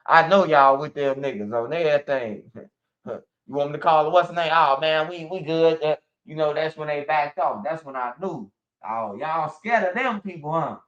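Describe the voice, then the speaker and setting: A profane livestream commentator from Chicago rambles through a casual rant, saying "bro" and "man" over and over and laughing frequently. He talks at normal speed in a high-leaning, fairly bright voice, captured in muffled lo-fi stream audio.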